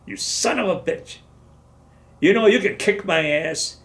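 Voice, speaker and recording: A man doing a gruff, profane army colonel. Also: high-pitched, animated, fairly bright tone, pitched above the performer's own voice, heavily acted. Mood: scolding. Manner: profane, barking, fast. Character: gruff blunt male army colonel, senior officer.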